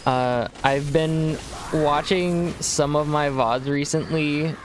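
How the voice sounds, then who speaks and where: A Texan gaming streamer chats casually as he plays, rambling along and slipping into silly voices from time to time. His voice sits on the high side with fairly even intonation and a slow pace, and the stream audio is noisy.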